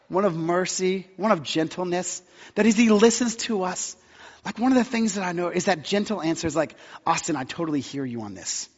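Male pastor, high voice, chatty storytelling sermon, muffled hall sound. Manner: storytelling, conversational with acted-out quotes. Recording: dull sound with long hall reverb.

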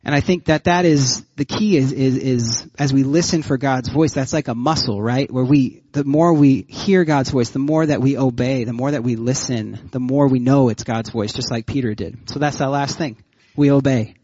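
A man pastor giving a sermon, telling stories with lively energy and frequent laughter, then closing in prayer. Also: mid-range voice, moderate pace, few pauses, husky, no echo, highs cut off. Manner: animated storytelling, laughs often.

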